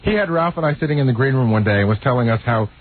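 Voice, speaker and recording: A man's voice: mid-range voice, lively intonation, slight background noise. A man on a radio show telling a story in casual banter, talking at speed. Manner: rapid storytelling. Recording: narrow phone-like radio broadcast.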